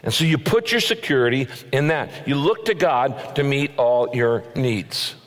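A man preaching a sermon as a pastor, emphatic and rising in pitch on his key points. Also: lively intonation, a little slow, soft background music. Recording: long hall reverb.

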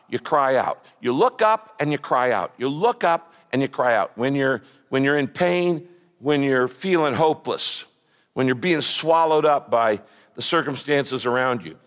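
A man preaching a sermon with passion and emphatic repetition, in a large hall. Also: fairly high pitch. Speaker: pastor. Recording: echoey hall.

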